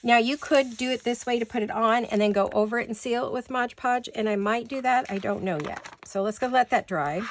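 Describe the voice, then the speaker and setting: A woman's voice: mid-range voice, slight background noise. A tired, slightly breathless woman chatting casually through a home craft tutorial, rambling and losing her words. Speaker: craft vlogger.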